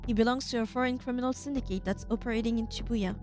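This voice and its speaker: A woman's voice: on the high side, steady tone, quick pace, a little mellow, faint music behind, lightly acted. A woman voicing a police commander giving a businesslike radio briefing in a game read-aloud.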